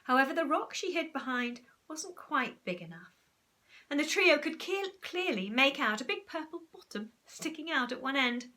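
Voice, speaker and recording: A woman teacher, reading a storybook aloud in an animated, expressive way. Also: high-pitched, normal speed.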